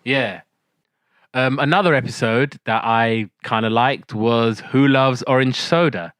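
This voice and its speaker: A man hosting a podcast in casual chat, animated and laughing often as he retells cartoon scenes. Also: mid-range voice, measured pace, clear, resonant tone. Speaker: podcast host.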